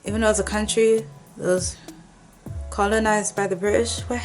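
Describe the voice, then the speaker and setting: A young woman from Nigeria chatting casually to the camera in a vlog, animated and joking, sometimes mimicking commenters. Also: mid-range voice, unhurried, soft background music. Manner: chatty, animated, with playful put-on voices of commenters. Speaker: vlogger. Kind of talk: casual talking-to-camera chat.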